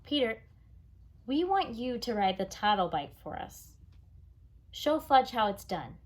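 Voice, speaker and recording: A woman's voice: a little high, very animated, measured pace. A woman voicing a patient, reasonable father in a children's storybook read aloud. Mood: calm.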